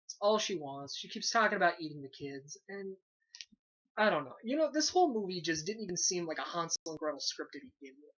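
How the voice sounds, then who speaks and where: An animated, sarcastic young man riffs through a casual movie review, swearing offhandedly as he mocks what he watched. The sound is dull and lo-fi. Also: high voice, brisk. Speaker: movie reviewer, site host.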